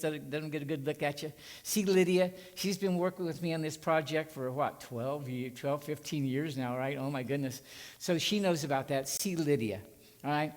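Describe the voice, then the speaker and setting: A man's voice: on the high side, big-room sound. A male minister preaching in a church sanctuary, folksy and coaxing, leading the congregation in call and response. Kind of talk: sermon with congregational singing.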